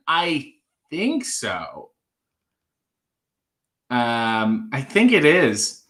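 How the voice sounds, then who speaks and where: A man's voice: on the high side, very animated, slow, long pauses, sharp tone. A man hosting a casual livestream, reading viewer comments aloud and answering with wry, joking asides. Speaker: livestream host.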